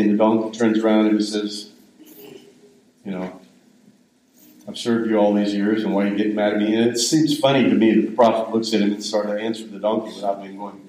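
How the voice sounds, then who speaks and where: A man's voice: lowish voice, warm tone, reverberant, rough recording. An older man giving a sermon in a conversational, rambling storytelling way. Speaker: pastor.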